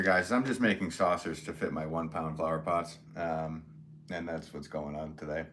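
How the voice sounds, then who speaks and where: A middle-aged American potter with a low voice hosts a livestream, chatting casually as he works and reading viewer comments in a relaxed, rambling manner. He fills gaps with "um" and frequent soft chuckles, while a steady hum of background noise is clearly audible behind him.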